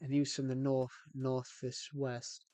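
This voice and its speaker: A man's voice: medium pitch, completely flat delivery, unhurried, mellow, dry recording. A young man with a West Country accent, chatting casually on a live stream, rambling and repeating himself with frequent restarts. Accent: West Country English.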